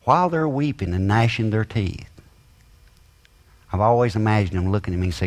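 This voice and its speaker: A man's voice: lowish voice, animated, brisk, pauses often. A man preaching a sermon with an emphatic, rising and falling cadence and folksy grammar.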